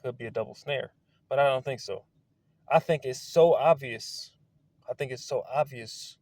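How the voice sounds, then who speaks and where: A man in a casual, rambling monologue outdoors, excitable and wandering, swearing now and then. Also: medium pitch, moderate pace, no room sound. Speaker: video creator. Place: outdoors among trees.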